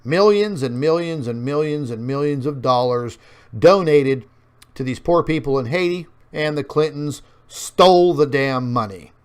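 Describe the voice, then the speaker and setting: A man with a highish, clean voice keeps a measured pace while hosting an online show. His talk is casual and rambling over maps shown on screen, packed with fillers, and he calls the viewers folks.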